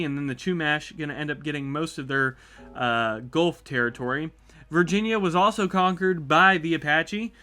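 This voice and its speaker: A man calls a simulated battle as it plays out, talking in a chatty, upbeat way. His voice is high and bright, with a sharp edge. Faint music runs quietly underneath. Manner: upbeat, chatty, reacts with excitement. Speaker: YouTube host. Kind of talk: live commentary on a map simulation.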